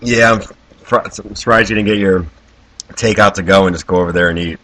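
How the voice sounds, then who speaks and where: Low, bright-toned laid-back male guest. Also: steady tone, fairly quick, dry recording, far from the mic. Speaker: podcast guest. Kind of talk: casual chat.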